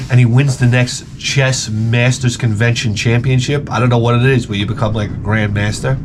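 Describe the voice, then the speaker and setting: Animated ranting man, rambling and profane. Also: medium pitch, slight background noise. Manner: rambling, profane comic storytelling. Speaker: retro gaming YouTuber. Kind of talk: casual rant.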